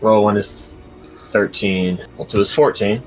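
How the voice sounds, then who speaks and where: A man's voice: fairly low pitch, fairly even intonation, measured pace, soft background music, poor audio. A man playing a tabletop game, easygoing as he describes his character's actions. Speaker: player.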